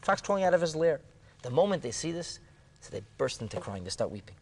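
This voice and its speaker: Dramatic storytelling rabbi, high and lively. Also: male voice, fast talker. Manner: dramatic, swings from hushed to exclaiming; peppers speech with Hebrew and Aramaic terms. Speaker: rabbi leading a Talmud discussion. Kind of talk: animated Talmud storytelling.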